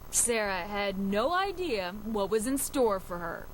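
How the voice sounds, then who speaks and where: A woman's voice: mid-range voice, very animated, a little slow, slight background noise. A woman narrating a TV documentary with a polished, dramatic delivery. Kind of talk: scripted narration. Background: music bed.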